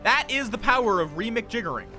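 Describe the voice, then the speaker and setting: A man's voice: high voice, very animated, fairly quick, sharp tone, soft background music. A man casually commenting on his live game stream, chatty and thinking aloud, greeting viewers as he builds.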